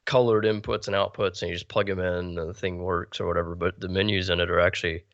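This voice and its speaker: A man's voice: low voice, little pitch movement, fast, a bit bright, no echo. A young man co-hosting a streamed talk show, talking in a laid-back, hesitant way. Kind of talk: casual chat. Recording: dull lo-fi mic.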